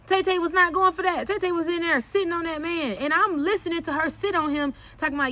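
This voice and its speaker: A woman's voice: very high-pitched, quick pace, few pauses. A woman telling a personal story in a candid vlog, blunt and profane, leaping up sharply whenever she quotes herself. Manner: blunt, profane and emphatic, often cursing; animated retelling with sharp jumps when quoting herself.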